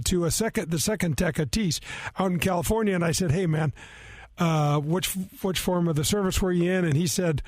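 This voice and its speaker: A man in his sixties with a slightly raised pitch, talking into a dry, close studio mic. He rambles and mocks himself as he tells golf stories on a radio show. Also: dry recording. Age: 60s. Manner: rambling, self-mocking storyteller. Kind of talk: casual radio chat.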